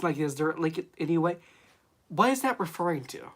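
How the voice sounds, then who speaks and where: Speaking at normal speed in a slightly high voice, a man hosts a laid-back movie live stream. His chat is unscripted and conversational, full of rambling and fillers, and he reads viewers' chat questions back aloud.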